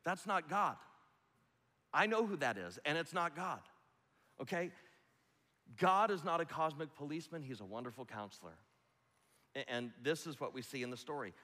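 A man's voice: a little high, bright, forceful tone, long reverb tail. A man preaching a sermon as pastor, emphatic and conversational, often asking the congregation rhetorical questions.

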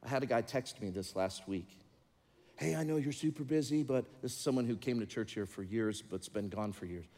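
A middle-aged man preaching as a pastor, moving between loud, emphatic passages and quieter, confiding talk. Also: on the low side, fairly even intonation, brisk, hardly any pauses. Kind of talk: sermon. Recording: long reverb of a large hall.

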